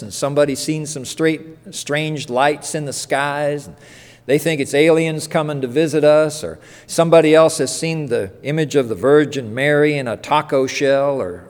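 Older pastor preaching in a reverberant hall. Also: male voice, on the high side. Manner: conversational storytelling with asides. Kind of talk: sermon. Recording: long reverb of a church hall.

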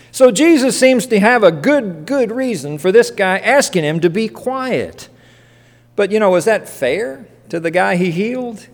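Older male pastor, chatty sermon delivery, slightly higher voice, church hall reverb. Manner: conversational storytelling with asides.

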